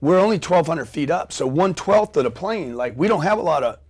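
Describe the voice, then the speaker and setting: Animated, swearing middle-aged man telling a story. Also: fairly high pitch, fairly quick, slightly rough. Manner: animated, profane, acts out scenes with sound effects. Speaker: guest. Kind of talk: storytelling in a podcast interview.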